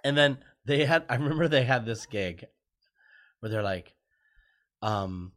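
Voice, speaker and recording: A man's voice: mid-range voice, expressive, a little slow, pauses often, a bit bright. A man, a guest, telling casual stories, chatty and self-deprecating, laughing often. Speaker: guest, TV writer. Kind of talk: casual storytelling.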